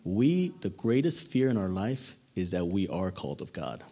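A man with a low, mellow, sing-song voice preaches a sermon at a normal speed. He's dramatic, acting out the lines he quotes and putting questions to the congregation.

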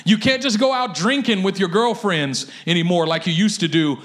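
A man preaches with a high, bright-toned voice. He tells stories in an animated way and leans into his points. His delivery is lively and conversational. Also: normal speed. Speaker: pastor. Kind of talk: sermon.

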